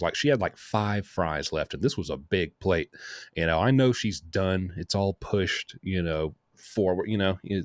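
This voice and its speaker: A man's voice: low voice, no echo, studio quality. A man hosting a casual show, telling a long, rambling story with many asides. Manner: rambling, lively anecdote full of asides. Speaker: host.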